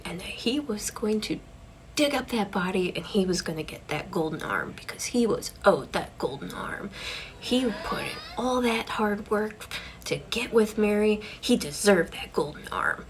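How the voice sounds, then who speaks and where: A woman casually telling a ghost story, chatty, often dropping into hushed whispers. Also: medium pitch, slight background noise, rough recording.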